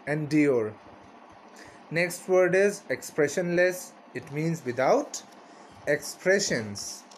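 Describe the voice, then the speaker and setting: A man's voice: on the high side, expressive, takes it slowly, a little hiss or hum. A man teaching a vocabulary lesson, repeating each word and its meaning and often asking "right?".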